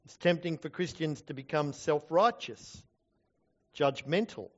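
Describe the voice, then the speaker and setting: In a church, a man with a somewhat high voice preaches a sermon, earnest and conversational, tossing in self-deprecating asides. The recording is muffled. He is a preacher who also teaches at a Bible college.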